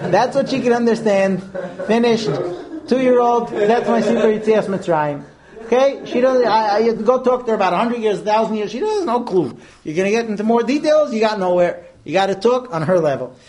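A man in his thirties teaching an informal religious class, telling stories with quick asides and many Hebrew terms. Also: sits high, lively intonation, a little mellow.

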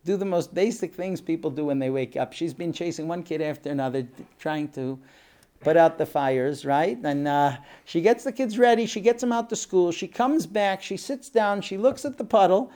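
A man tells a story during a talk. His voice sits a little high but sounds mellow. He tells it in an animated way and acts out the voices. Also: normal speed. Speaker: speaker.

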